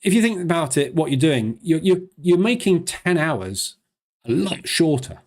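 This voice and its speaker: A man hosting a live trading stream, talking fast in a chatty, loose way with plenty of fillers. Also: on the high side, big pitch swings, darkish tone.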